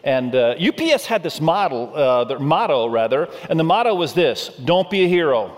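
A man's voice: a little high, big pitch swings, moderate pace. A middle-aged male pastor giving a sermon, telling a humorous story and asking the congregation questions. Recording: reverberant hall sound.

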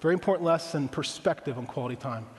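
A man's voice: a little high, quick pace, in a large hall, a little hiss or hum. A man preaching a sermon as pastor, conversational, asking the congregation rhetorical questions.

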